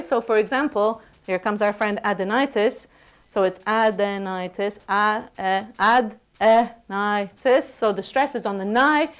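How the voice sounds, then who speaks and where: A woman lecturing a university class in a lively, playful way, often checking in with the students. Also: fairly high pitch.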